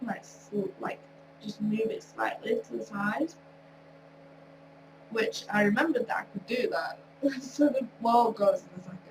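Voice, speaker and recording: Nasal young-sounding woman, off-mic with hum. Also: fairly high pitch. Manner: rambling, chatty, laughs often. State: recovering from a cold, tired. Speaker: video creator. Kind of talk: casual commentary over gameplay. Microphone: wrong mic, far from speaker. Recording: distant mic with clear hum.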